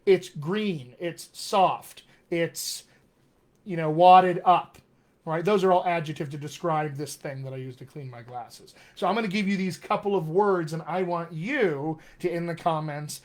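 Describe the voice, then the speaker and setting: A man's voice: on the high side, a little mellow. A man teaching as a dialect coach on a live video stream, talking conversationally, often checking in with "all right?" and calling viewers his friends. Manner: slows down to stress key words. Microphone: webcam or computer mic on a live video stream.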